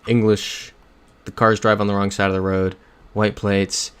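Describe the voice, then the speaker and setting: A man's voice: on the low side, level tone, a little slow, fairly bright tone, clear, resonant tone. A young man chatting casually on a livestream while playing a geography game. He rambles through stories and reads viewer comments aloud.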